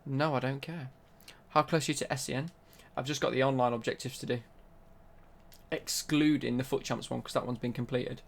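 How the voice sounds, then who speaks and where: A man's voice: medium pitch, fairly even intonation, a little fast, vocal fry. A young man chatting casually on a live stream while he plays, bantering and answering his chat.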